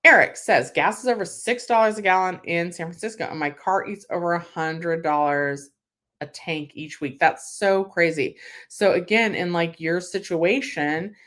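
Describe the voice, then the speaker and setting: A woman's voice: lowish voice, moderate pace, a bit bright. A young woman from California hosting a casual livestream, reading viewer comments and chatting with lots of "like" and "um" fillers. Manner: chatty, emotional, many "like" and "um" fillers.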